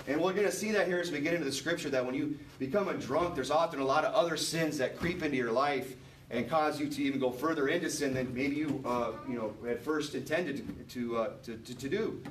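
A man's voice: fairly high pitch, quick pace, a little hiss or hum. A male preacher delivering a sermon in an earnest, repetitive way that builds to emphatic points, with a congregation answering him. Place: church sanctuary. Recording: echoey room, mic at a distance. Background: congregation responding amen.

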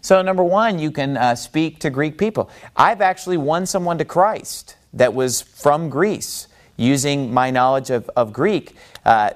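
Emphatic man teaching with conviction. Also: mid-range voice. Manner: emphatic, argumentative, frequent rhetorical questions. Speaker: Bible teacher. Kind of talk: persuasive teaching talk.

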